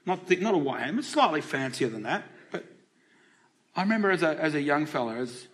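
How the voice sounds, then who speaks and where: A middle-aged man with an Australian accent preaches in church, his voice sitting a little high for a man. He keeps it conversational, throwing questions out to the congregation as he goes. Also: sing-song, a little fast. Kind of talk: sermon.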